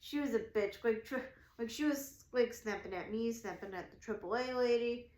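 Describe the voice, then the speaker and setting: Rambling, excitable woman in an echoey room. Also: a little high, normal speed. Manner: animated, rambling, heavy use of "like". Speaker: craft shop vlogger. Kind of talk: casual storytime chat.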